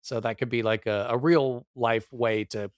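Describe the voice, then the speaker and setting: A man's voice: mid-range voice, steady tone, normal speed, smooth, no echo, clean studio sound. A man running a tabletop game, chatting casually and rambling with many fillers as he brainstorms a character. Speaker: game master.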